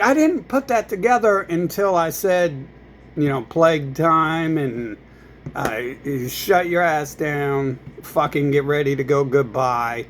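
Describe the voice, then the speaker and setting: A man's voice: fairly high pitch, slight background noise, poor audio. A man in a crude, rambling rant, full of fillers and curses. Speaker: vlogger.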